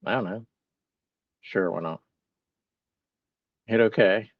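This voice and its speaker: A man with a lowish voice chats casually on a live stream, musing aloud and reading replies from his audience. He sounds bemused and mocks his own confusion. The sound is dry and a little dull. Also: slow, dry recording. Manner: muses aloud and reads chat replies; bemused, self-mocking. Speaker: livestream host.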